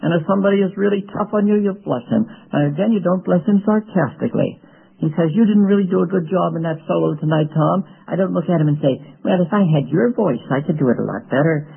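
A man's voice: sits high, gravelly, slightly rough. An older man preaching a sermon, telling folksy, joking stories from his own life. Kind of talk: sermon with personal anecdotes. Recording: tinny lo-fi radio broadcast.

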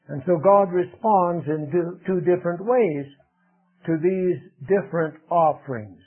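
Slow husky preacher man on radio. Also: high voice. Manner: slow, earnest preaching with many pauses and "uh" fillers. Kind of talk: sermon. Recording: tinny phone-like radio broadcast.

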